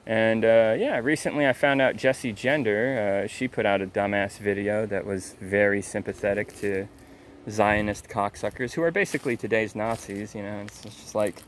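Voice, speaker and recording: A man's voice: fairly low pitch, moderate pace. A man ranting in a casual, angry and mocking way, swearing often, with faint noise behind him. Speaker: commentator. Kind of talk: casual rant.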